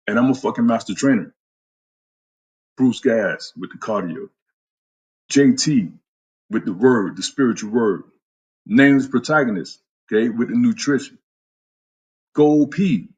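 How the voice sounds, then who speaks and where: Blunt, husky-voiced man trainer. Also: fairly low pitch. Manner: blunt, profane, trash-talking; greets viewers by name. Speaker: fitness trainer. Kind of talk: casual live-stream fitness talk.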